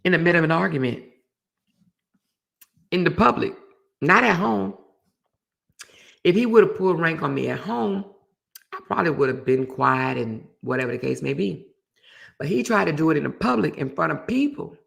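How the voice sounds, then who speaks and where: A woman hosting a casual chat show, telling a story with animated energy and reading out viewer comments. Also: low-pitched, moderate pace, gravelly, long pauses. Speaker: host.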